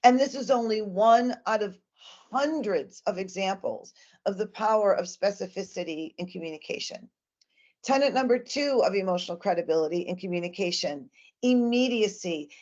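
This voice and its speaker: A woman's voice: mid-range voice, animated, normal speed, a little mellow, dull audio. A woman giving an earnest, emphatic presentation to parents about communicating with children.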